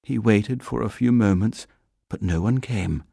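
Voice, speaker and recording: A man reading a children's story aloud as narrator, gentle and expressive. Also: on the low side, unhurried, vocal fry, husky, no room sound, studio quality.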